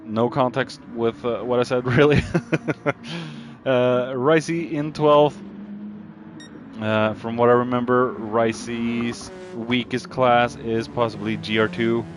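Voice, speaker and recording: Slow-talking excitable male race commentator. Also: medium pitch, a little hiss or hum. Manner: excitable, shouts warnings at drivers. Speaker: sim racing commentator.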